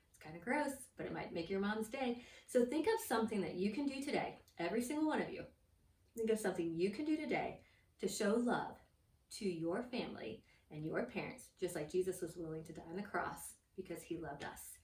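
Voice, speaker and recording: A woman teaching a children's Bible lesson, telling the story with animated expression and speaking straight to the kids. Her voice sits at a middle pitch. It comes from a bit away from the mic in an echoey room. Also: normal speed, far from the mic.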